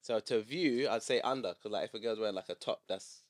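A man's voice: lowish voice, no echo, studio quality. A man co-hosting a podcast, chatting casually and playfully in street slang. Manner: playful, slangy, quick to joke. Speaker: podcast co-host. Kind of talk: casual chat.

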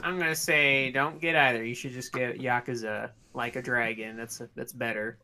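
A woman's voice: a bass voice, fairly even intonation, normal speed, pushed and bright. A woman co-hosting a casual game podcast in a joking, teasing manner. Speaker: podcast co-host. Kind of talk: casual game review chat.

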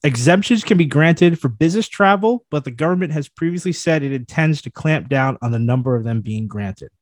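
A man's voice: fairly high pitch, lively intonation, brisk, no echo. Man, podcast host, reads headlines then riffs, dry close sound. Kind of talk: casual news discussion podcast.

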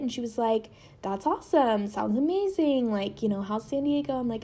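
A woman's voice: lively intonation, moderate pace, few pauses, warm tone. A young woman in her twenties hosting a podcast, telling a personal story in a chatty way, full of fillers, her voice jumping up whenever she quotes people. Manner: chatty, lots of fillers, voice jumps high when quoting. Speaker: podcast host. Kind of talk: casual storytelling.

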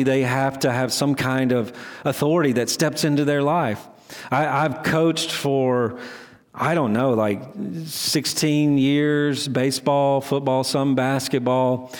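A middle-aged man preaching a sermon as pastor, conversational and self-deprecating, often restarting his sentences. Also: medium pitch. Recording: long hall reverb.

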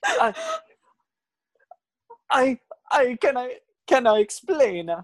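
A woman's voice: on the low side, animated, moderate pace, dark tone, dry recording. A woman doing a flustered fake-Italian man. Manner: sputtering, stammering excuses. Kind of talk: improv comedy sketch.

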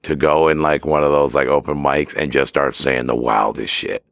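A man's voice: extremely low pitch, fairly even intonation, moderate pace, vocal fry, fairly bright tone, dry recording, studio quality. A man co-hosting a podcast in casual comedic chat, joking and profane, riffing into mock poetry and silly voices. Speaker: podcast co-host.

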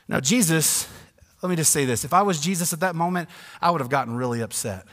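A male pastor preaching a sermon emphatically, swinging between loud declarations and hushed asides. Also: a little high, fast talker, in a large hall.

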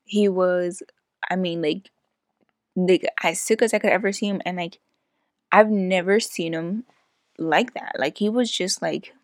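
A woman's voice: on the low side, unhurried, pauses often, no echo. Chatty woman, dry close sound. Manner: chatty, animated storytelling with many "like"s. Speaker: podcast co-host. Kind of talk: casual chat.

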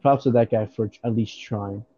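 A man's voice: fairly low pitch, steady tone, normal speed, dark tone. A young man co-hosting a podcast, talking bluntly and swearing freely. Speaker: podcast co-host. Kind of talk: casual chat. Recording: dull lo-fi recording.

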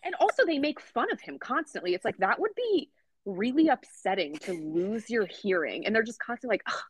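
A woman's voice: on the high side, sing-song, fairly quick, breathy edge, dry recording. A young woman co-hosting a podcast, chatting casually and animatedly, swearing and laughing often. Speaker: podcast co-host. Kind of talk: casual chat.

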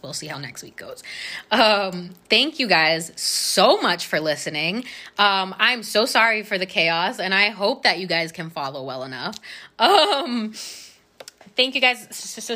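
A woman's voice: lowish voice, bright, forceful tone. A young woman hosting her own podcast, talking casually and rambling with lots of fillers and little laughs. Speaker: podcast host. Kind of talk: casual solo podcast chat.

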